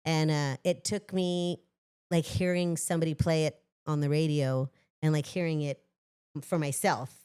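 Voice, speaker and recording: A middle-aged woman from Los Angeles talks casually as a podcast guest. Her voice sits on the low side, animated and self-mocking, with frequent laughs. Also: normal speed, smooth.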